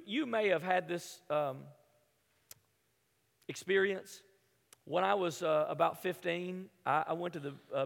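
A man from the American South preaching a sermon as a pastor, telling stories in an animated way and acting out quoted voices. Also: very high-pitched. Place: large church hall. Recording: hall reverb with music behind.

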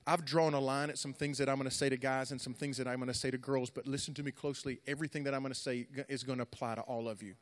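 A man preaching a sermon to young people, swinging between dramatic, loud storytelling and casual, conversational asides full of fillers and restarts. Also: medium pitch, racing, hardly any pauses. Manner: animated dramatic storytelling, rising loud in retellings.

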